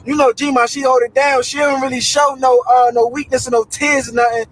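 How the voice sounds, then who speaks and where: A man's voice: extremely high pitch, flat delivery, a little fast, low-quality recording. A man telling a dramatic personal story in casual slang, acting out what everyone said.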